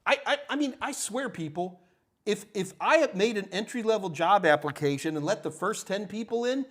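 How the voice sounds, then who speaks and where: A man's voice: high-pitched, expressive, moderate pace. An older man hosting a live tech Q&A, answering chat questions in a blunt, emphatic, ranting way. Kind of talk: live Q&A stream.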